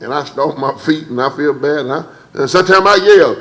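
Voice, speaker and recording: A man preaching a church sermon. He calls on the congregation to answer back, repeats and stammers over words, and leaps higher when he acts out quotes. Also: brisk, a bit bright, rough recording. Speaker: pastor. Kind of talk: preached sermon with call-and-response. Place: church service.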